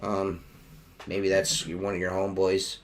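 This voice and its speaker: A man's voice: sits low, flat delivery, unhurried, slight background noise. A man hosting a casual podcast chat over a video call, rambling and swearing with plenty of fillers. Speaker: podcast host.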